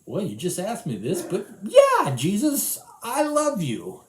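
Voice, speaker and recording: Eager, earnest fisherman disciple voiced by a man, pitch jumping high, in a roomy space. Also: wildly swooping pitch, slow, full character voice.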